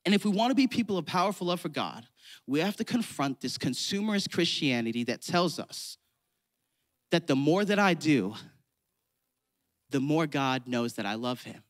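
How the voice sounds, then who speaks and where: A man's voice: fairly high pitch, lively intonation, normal speed. A man preaching a sermon to a church congregation, conversational and playful, acting out mock prayers. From California. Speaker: pastor.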